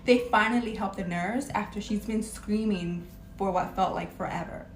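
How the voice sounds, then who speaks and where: Woman, casual storyteller, chatty with fillers, middle pitch, echoey room. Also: moderate pace, a little hiss or hum. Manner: chatty, many filler words. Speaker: hospital registration worker telling a story. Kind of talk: casual storytelling from a social video clip.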